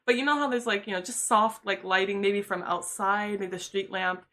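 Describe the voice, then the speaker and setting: Woman, young adult, livestreamer, casual commentary, bright tone, frank, laughs often, swears. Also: mid-range voice, fairly even intonation, moderate pace.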